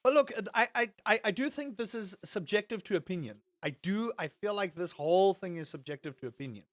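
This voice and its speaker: A young man chats to his live-stream viewers while gaming. His voice sits a little high for a man. He rambles, restarts sentences, repeats words and drops in the odd swear. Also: lively intonation, fairly quick, no echo.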